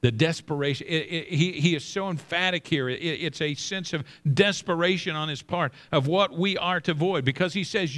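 A middle-aged male pastor preaching with emphasis, slowing down and repeating phrases, dropping his voice low for scripture. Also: fairly bright tone. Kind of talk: sermon.

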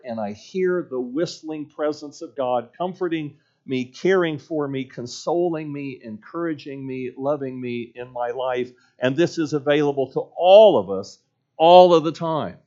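A man's voice: medium pitch, darkish tone, highs cut off. A man preaching a sermon as a pastor, telling a story in an earnest voice and building points through repetition.

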